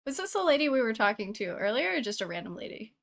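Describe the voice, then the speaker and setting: A female player in a tabletop game, playful and chatty. Her voice sits somewhat high. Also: big pitch swings, fast. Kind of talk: casual tabletop play.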